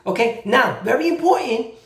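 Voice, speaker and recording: A man giving a casual how-to talk as a credit repair advisor, animated and repeating key points, acting out both sides of phone calls. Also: very high voice, normal speed. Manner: repeats himself for emphasis. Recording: roomy echo.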